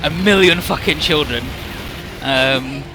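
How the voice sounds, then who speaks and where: Young male streamer, slightly high, loose and profane chat over game music. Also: takes it slowly. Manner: rambling and profane, with chuckles. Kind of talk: casual gaming commentary.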